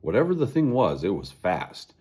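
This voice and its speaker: Male narrator for a children's chapter book; low, husky, expressive read. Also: moderate pace. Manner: expressive reading aloud. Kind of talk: storybook narration.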